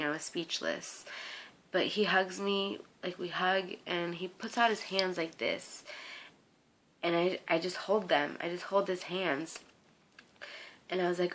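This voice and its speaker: A young woman telling a personal story to camera, excited and rambling, with many "like"s and restarts, earnest and heartfelt. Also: on the low side. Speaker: fan site runner.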